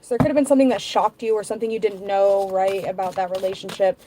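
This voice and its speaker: A woman talks through a tarot reading at a middling pitch, musing aloud and wandering between thoughts with plenty of fillers. The recording carries clear background noise, with cards shuffling and clicking behind her. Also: steady tone, fast, warm tone, low-quality recording. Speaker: tarot reader.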